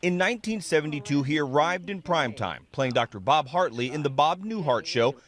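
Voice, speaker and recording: A male network correspondent narrating a scripted news feature in a smooth, measured way. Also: on the high side, expressive, a bit bright.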